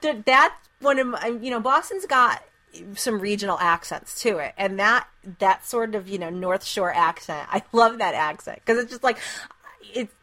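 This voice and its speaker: Bright-voiced chatty woman. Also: medium pitch, animated, moderate pace. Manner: chatty storyteller, laughs often, many "like"s. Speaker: podcast co-host. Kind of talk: casual chat.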